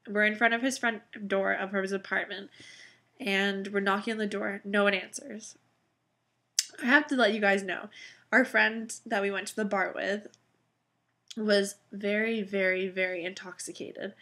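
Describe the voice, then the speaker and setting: A young woman vlogging, telling a story in a chatty, animated way with lots of fillers. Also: medium pitch. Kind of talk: casual storytelling to camera.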